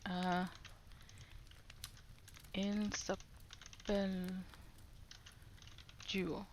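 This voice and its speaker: A woman streamer chatting casually with her viewers as she practices French, repeating phrases slowly, giggling and greeting chat brightly. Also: mid-range voice, little pitch movement, a little hiss or hum.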